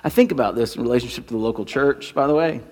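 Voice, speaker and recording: A man's voice: mid-range voice, rapid-fire, long reverb tail. A man preaching a sermon, telling stories and acting out quotes. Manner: animated storytelling with acted quotes. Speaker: pastor.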